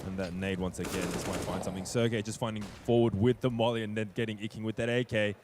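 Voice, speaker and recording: A man calling a competitive shooter match play-by-play, excitable and quick to laugh. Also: fairly low pitch, slight background noise. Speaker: esports play-by-play caster. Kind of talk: fast play-by-play commentary.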